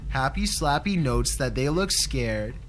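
A man's voice: mid-range voice, expressive, measured pace, a bit bright. Dry, sarcastic male list narrator. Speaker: narrator of a countdown video. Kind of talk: scripted narration.

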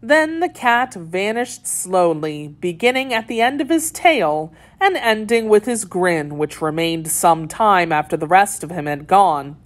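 A woman narrating a children's storybook aloud, expressive and clear. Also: fairly low pitch, unhurried, few pauses.

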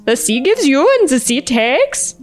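A woman's voice: high-pitched, big pitch swings, a little slow, faint music behind, voice pushed up. A woman putting on a jokey mock Swedish accent, reading in a sing-song way. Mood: playful. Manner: sing-song, exclaims hooty hoo.

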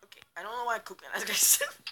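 A woman's voice: mid-range voice, big pitch swings, fast, noisy background. A young woman reading out comments on her channel, giggling and swearing as she reacts. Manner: giggly, swearing, bursts into loud laughter. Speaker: channel owner. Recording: faint music behind.

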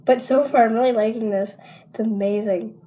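A woman hosting a reaction video in casual chat with viewers, giggly and full of fillers, her voice a little rough from being sick. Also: fairly high pitch, steady tone, normal speed, dark tone, faint music behind, rough recording. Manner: giggly and chatty, many fillers.

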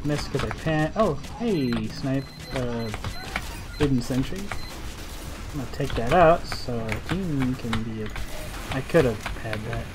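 A young man giving jittery, self-mocking commentary while playing a game, with excitable outbursts. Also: mid-range voice, slow pace, background noise. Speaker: gaming video creator. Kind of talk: live gameplay commentary.

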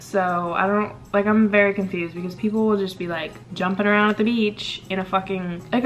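A young woman chatting casually to her camera at home, rambling from one thought to the next with plenty of fillers. Her voice sits at an ordinary middle pitch, and light background music plays under her talk. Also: fairly bright tone. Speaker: vlogger. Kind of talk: casual vlog chat. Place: indoors at home doing makeup.

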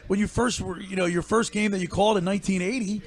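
A man's voice: high voice, fairly even intonation, fast. A man hosting a sports radio show, asking loose, rambling questions. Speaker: radio host.

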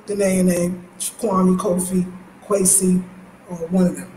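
A woman in her fifties with an African American accent, talking in an animated, emphatic way as a lifestyle channel host, with laughs and casual swearing. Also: mid-range voice, normal speed, roomy sound, slight background noise, low-quality recording. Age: 50s. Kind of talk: casual monologue.

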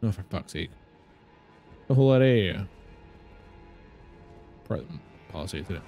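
A man's voice: sits low, expressive, moderate pace, mellow, faint music behind. A man with a British accent doing live gameplay commentary, swearing and ranting at the game in exasperation. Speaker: streamer.

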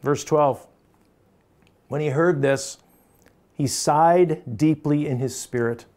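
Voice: medium pitch, slow, pauses often, a little mellow. Conversational pastor preaching a sermon. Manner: conversational, emphatic, chuckles often.

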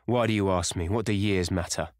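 A gruff, thick-set sailor bent on revenge, played by a man with a very low voice, growling his threats in a blunt, heavy way. The voice stays close to the reader's own deep register, dry and near the mic. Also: a little fast, dry recording, close to an everyday voice. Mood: shaken.

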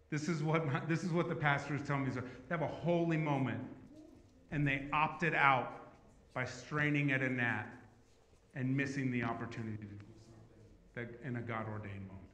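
A man preaching a sermon as pastor, talking in a conversational way that swings from emphatic to hushed. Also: medium pitch. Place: church sanctuary. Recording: echoey church hall.

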